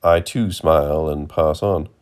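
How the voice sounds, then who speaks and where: A man's voice: a bass voice, fairly even intonation, unhurried, darkish tone, clear, resonant tone. A man doing a florid, irritable traveller. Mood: whimsical. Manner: florid, exasperated. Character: irritable, grandiloquent male traveller.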